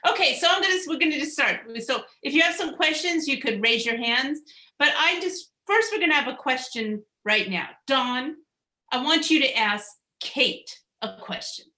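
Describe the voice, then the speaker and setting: A woman's voice: sits high, expressive, moderate pace, pushed and bright, reverberant. A woman hosting a live online show over a video call, bubbly and tripping over her words now and then. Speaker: host.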